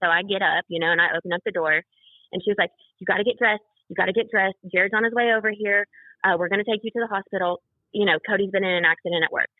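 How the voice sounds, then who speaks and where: A woman's voice: mid-range voice, racing, dry recording. Young woman telling a story, tinny phone sound. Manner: rambling, full of fillers, reenacts dialogue. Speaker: podcast guest. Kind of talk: personal story told in a casual interview.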